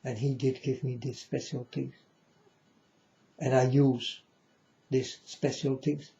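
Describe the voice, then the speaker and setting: A man's voice: mid-range voice, level tone, slow, vocal fry, dark tone. A man giving a repetitive, insistent preaching monologue to viewers, calling them folks. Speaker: self-styled religious speaker. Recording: dull lo-fi recording.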